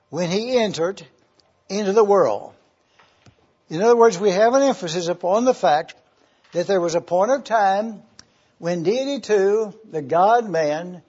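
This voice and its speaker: Guy preaching real slow, spells out greek words, kinda dull muffled recording. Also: high voice, darkish tone, breathy edge. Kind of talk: slow expository sermon.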